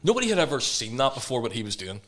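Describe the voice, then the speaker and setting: A man co-hosting a podcast, chiming in with sweary agreement and quick remarks. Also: medium pitch, big pitch swings. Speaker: podcast co-host. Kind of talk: casual chat.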